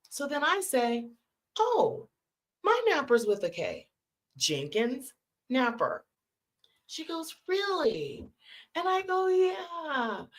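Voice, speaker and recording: A woman hosting a live stream from California, telling a long personal story to her viewers and acting out the people in it. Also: medium pitch. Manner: animated storyteller acting out quoted voices. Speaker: host.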